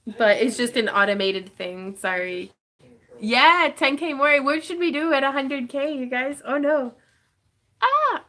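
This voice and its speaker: A slightly high-voiced woman chats casually on a craft livestream from her home craft room. She laughs often and reads viewers' comments aloud as she works. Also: pushed and bright.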